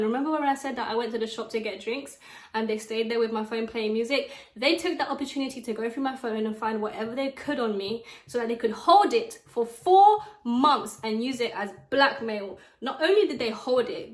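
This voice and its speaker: A young woman with a British accent telling a story time in a chatty, dramatic way, with quick asides. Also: a little high, fairly bright tone. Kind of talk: casual storytime chat while doing makeup. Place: bedroom at home. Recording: echoey room.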